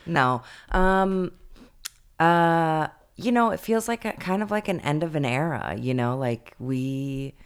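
A woman's voice: low-pitched, slow, clear, resonant tone. Wry woman podcast co-host. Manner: dry, wry humor. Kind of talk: casual chat.

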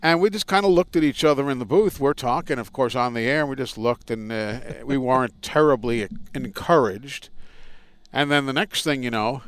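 A man's voice: mid-range voice, moderate pace, no echo. A radio play-by-play broadcaster telling casual, rambling, self-deprecating stories from his career in an interview. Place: indoors at a college arena.

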